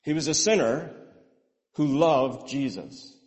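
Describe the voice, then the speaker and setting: A man preaching a sermon in an animated way, with rhetorical questions and repeated words. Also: mid-range voice, slow pace, lo-fi sound. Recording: long hall reverb.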